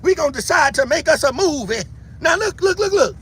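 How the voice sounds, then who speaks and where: High-pitched guy on a live stream, super animated, swearing and yelling at the footage. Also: fairly quick, slight background noise. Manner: loud, profane, laughing, excitable. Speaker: livestream host. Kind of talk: livestream reaction commentary.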